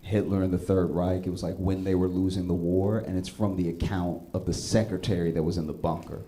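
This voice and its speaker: Lower-voiced male stand-up comedian. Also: brisk. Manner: conversational storytelling, bursting into animated high-pitched rants. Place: comedy stage.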